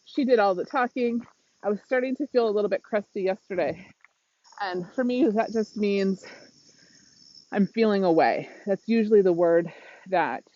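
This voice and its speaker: A woman mindset coach talks openly and emotionally while out on a walk, often breaking into laughter. Her voice sits at a middling pitch. The phone recording is muffled and lo-fi, with wind around her. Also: dark tone, dry recording. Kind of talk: live-streamed walking vlog. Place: outdoors on a windy walk.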